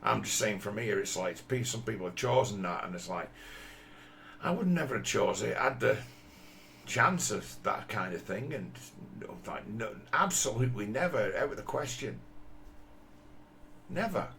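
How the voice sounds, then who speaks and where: Fifties man, deep and rough-edged, rambling blunt monologue with lots of swearing. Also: expressive, a bit bright, slight background noise. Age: 50s. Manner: blunt, profane, halting with many restarts. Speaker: commentator.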